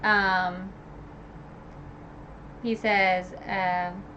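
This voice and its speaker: A woman's voice: medium pitch, little pitch movement, drawn-out words, pushed and bright, lo-fi sound, slight background noise. A woman recapping a novel in a casual, rambling chat, full of fillers and asides. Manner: rambling and chatty, full of "like" and "you know". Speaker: book reviewer streaming a recap.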